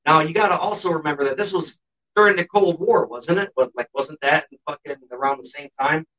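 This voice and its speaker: A blunt, sarcastic man co-hosts a podcast, swearing his way through a story. His voice sits on the higher side. The sound is dull and lo-fi, as if he were sitting back from the microphone. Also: a little fast, pushed and bright. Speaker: podcast co-host. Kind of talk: casual podcast chat. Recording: dull lo-fi sound, distant from the mic.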